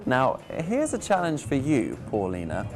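Slow, lively-voiced male English teacher. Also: mid-range voice, music in the background. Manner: slow, deliberate, spelling out words. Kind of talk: scripted lesson presenting.

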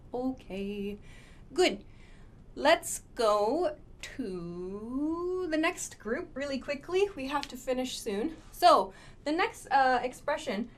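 Slow, clear woman English teacher. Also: fairly high pitch, slight background noise. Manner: slow, clear, repeats example phrases with modeled intonation. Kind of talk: online English lesson.

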